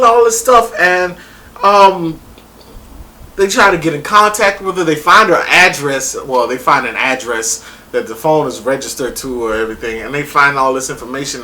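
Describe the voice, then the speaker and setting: A man casually reviewing a reality show on his vlog, rambling and excitable and swearing freely. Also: fairly high pitch.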